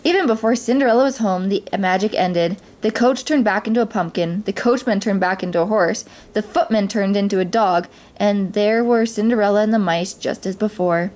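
A woman reading a children's storybook aloud in a gentle, steady way, with small slips now and then. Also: medium pitch, fairly quick, few pauses.

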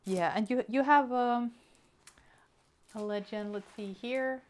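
A woman hosting a casual unboxing vlog, chatty and excitable, counting items aloud as she goes. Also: fairly high pitch, takes it slowly. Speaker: hobby vlogger.

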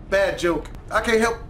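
A man giving profane, excitable let's play commentary, trash-talking the game and yelling suddenly. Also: sits high, a little hiss or hum. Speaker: gamer.

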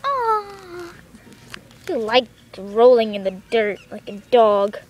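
A woman's voice: fairly high pitch, very animated, slow pace, dull audio. A young woman filming her cat outdoors, coaxing it in baby talk and laughing. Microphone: handheld camera.

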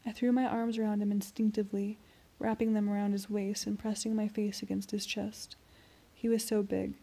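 A woman reading an amateur first-person audiobook in a soft, even voice that often drops toward a whisper. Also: medium pitch, moderate pace, breathy edge. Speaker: audiobook reader.

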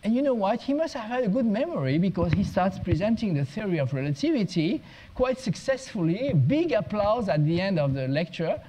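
High-voiced man giving a conference talk. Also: sing-song, a little fast, noisy background. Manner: storytelling with humor and small restarts. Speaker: guest speaker, education consultant.

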